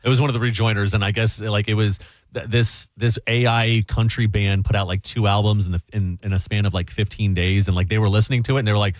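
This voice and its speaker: Fast-talking man in a dry studio. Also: lowish voice, fairly even intonation, no echo. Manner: quick, chatty storytelling. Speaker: radio co-host. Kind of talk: casual radio chat.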